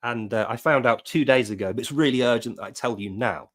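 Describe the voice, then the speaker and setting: A man's voice: mid-range voice, fairly quick, voice pushed down, close to an everyday voice. A man putting on a mock French accent to voice an overly polite, mock-formal male French government official on a phone call. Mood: chirpy.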